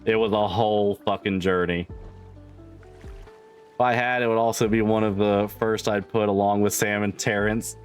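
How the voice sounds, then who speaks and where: A man's voice: lowish voice, level tone, normal speed, soft background music. A man streamer chatting casually with his viewers, swearing freely and laughing often. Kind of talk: casual chat with livestream viewers.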